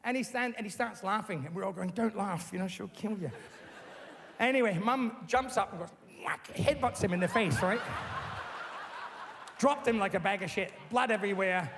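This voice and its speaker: Man, high-pitched voice, animated blunt storytelling, casual interview talk. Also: moderate pace. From Australia. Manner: animated, blunt, swears freely.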